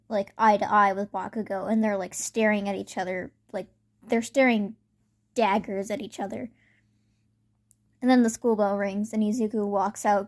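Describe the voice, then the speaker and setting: A woman casually retelling a fan fiction story, rambling with many fillers. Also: mid-range voice.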